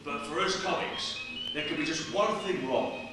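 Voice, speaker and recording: A man's voice: fairly high pitch, moderate pace, lightly acted. An actor playing a famous joking male stage comedian, firing off gags with a chuckling laugh in a stage play. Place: small studio theatre stage. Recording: roomy theatre sound from far off, music.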